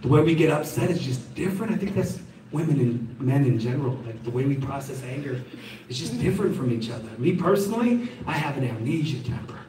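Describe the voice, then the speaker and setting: A man doing a stand-up comedy set, working the crowd with an animated delivery at a live show. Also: fairly high pitch, fairly quick, recorded from a distance. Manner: animated, crowd work with audience. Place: live venue with audience. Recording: live show, roomy with loud audience. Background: crowd laughter and noise.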